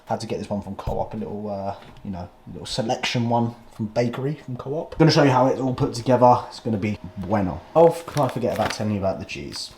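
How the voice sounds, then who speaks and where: A man's voice: lowish voice, quick pace, hardly any pauses, a little mellow, roomy sound, a little hiss or hum. A man, rambling and swearing cheekily in a casual vlog from his home kitchen. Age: 20s. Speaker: fitness vlogger.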